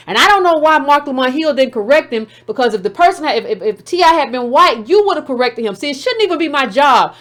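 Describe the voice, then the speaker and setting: A woman host with a high-pitched voice and talks back to a caller. She is blunt and combative and repeats herself to keep the floor. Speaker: show host taking calls. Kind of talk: heated call-in show commentary.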